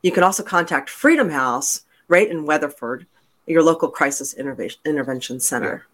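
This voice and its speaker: A man's voice: fairly high pitch, animated, normal speed, fairly bright tone. A male host of a live show who chats casually, laughs often, and steers the talk back on course. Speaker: podcast host. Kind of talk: casual live-stream chat.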